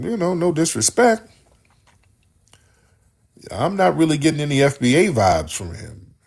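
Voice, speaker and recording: This radio host fields calls in a fairly high voice that carries vocal fry and breathiness. He's animated and emphatic, repeating himself as he answers.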